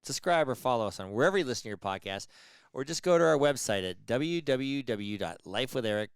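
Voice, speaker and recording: A man's voice: medium pitch, lively intonation, fairly quick, smooth, no echo, studio quality. A man hosting a podcast in casual chat, joking and laughing often. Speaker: podcast host.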